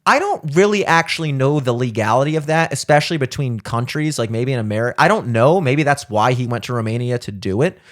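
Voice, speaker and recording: A man's voice: medium pitch, expressive, fast talker, hardly any pauses. A young man hosting a podcast, rambling in casual chat with many filler words and frequent swearing. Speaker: podcast host.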